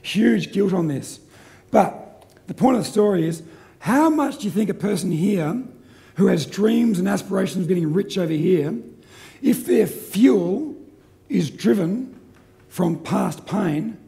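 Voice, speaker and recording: A middle-aged man giving a live seminar talk, energetic and joking as he quizzes the audience. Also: sits high, creaky. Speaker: seminar presenter.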